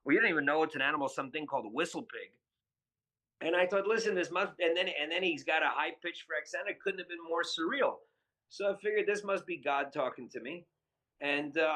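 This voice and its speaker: A man in his fifties talks as a podcast guest, and his speech is bright and forward. He tells loose, winding stories and often stops and restarts. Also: a little high, poor audio. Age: 50s. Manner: rambling, many fillers and restarts. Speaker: guest, spirits entrepreneur. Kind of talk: casual podcast storytelling.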